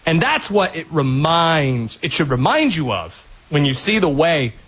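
A male sports radio host in his thirties, from North Carolina, talks in a slightly husky voice. His pitch swings widely as he tells stories. His humor is dry and sarcastic. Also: measured pace. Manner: sarcastic, animated storyteller.

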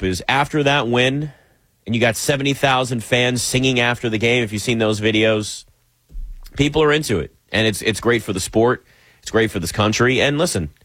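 A man, delivering an animated, sarcastic sports opinion monologue as a commentator. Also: medium pitch, dry recording.

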